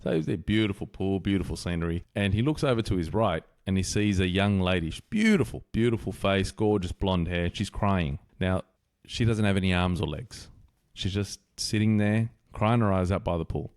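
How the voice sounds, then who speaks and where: A man's voice: fairly low pitch, normal speed, few pauses, a little mellow. An Australian man co-hosting a podcast, chatting casually and telling a joke with a laugh in his voice. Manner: jokey storyteller, laughs often. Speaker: podcast co-host.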